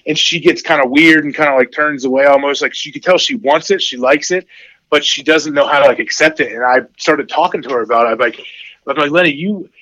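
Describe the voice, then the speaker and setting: A man in his forties chatting casually as an interview guest, rambling with many fillers and getting animated when he quotes his kids. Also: fairly high pitch, a little fast, no room sound, poor audio. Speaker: podcast guest, former football player.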